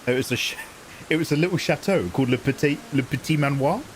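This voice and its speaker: A man's voice: fairly high pitch, fast talker, a little hiss or hum, rough recording. A man chatting casually with viewers during a live game stream, playful and joking with a lot of laughter. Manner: playful, jokey, laughing often, hamming up mangled French. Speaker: game livestreamer.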